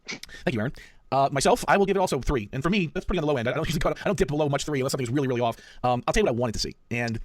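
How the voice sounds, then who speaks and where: A man's voice: mid-range voice, animated, rapid-fire, no echo. A man hosting a casual podcast, chatty and emphatic, often repeating himself. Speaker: podcast host.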